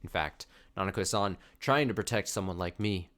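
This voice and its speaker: Let's-play host: low-voiced man, reads the game text, sarcastic asides. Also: moderate pace, a bit bright. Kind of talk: reading game dialogue aloud with commentary.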